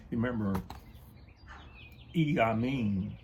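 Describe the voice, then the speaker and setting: A man co-hosting a casual talk channel, talking haltingly with many fillers while he shows books and pictures. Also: fairly low pitch, darkish tone, dull audio, slight background noise. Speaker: co-host of a history talk channel.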